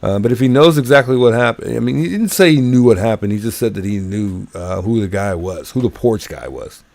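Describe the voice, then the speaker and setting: A man with a very low, deep voice hosts a livestream, talking loosely and filling pauses with ums and uhs. The sound is dry and close, as if caught by a phone. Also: vocal fry, a little mellow, no echo. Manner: rambling, thinking aloud with many fillers. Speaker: livestream host. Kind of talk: casual livestream commentary.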